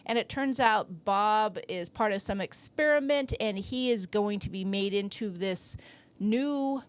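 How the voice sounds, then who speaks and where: A woman co-hosting a movie podcast, talking casually in quick, chatty bursts. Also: medium pitch, smooth. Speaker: podcast co-host.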